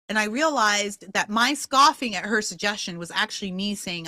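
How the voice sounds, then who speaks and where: A woman in her fifties hosting a podcast, giving impassioned, confrontational commentary that bursts into loud outbursts. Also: mid-range voice, lively intonation, brisk, few pauses, no echo. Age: 50s. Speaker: podcast host.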